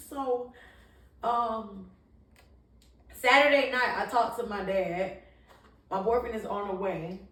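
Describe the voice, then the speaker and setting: Woman, vlogger, candid storytelling, emphatic, chatty, echoey room, slightly distant mic. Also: medium pitch. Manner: emphatic, conversational, with frequent restarts and laughs. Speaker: vlogger telling her birth story.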